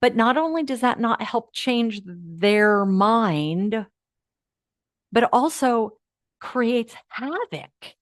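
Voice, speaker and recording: Animated woman coaching a live class. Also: a little high, very slow, no echo, clean studio sound. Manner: warm coaching, swings from hushed to animated. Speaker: host of an uplift program. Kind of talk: live online class, guided affirmations.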